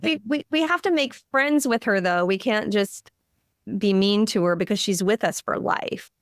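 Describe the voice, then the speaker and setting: A woman's voice: medium pitch, moderate pace, no echo, studio quality. A woman hosting a business podcast, talking in an encouraging, emphatic and upbeat way. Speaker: podcast host. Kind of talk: casual podcast interview.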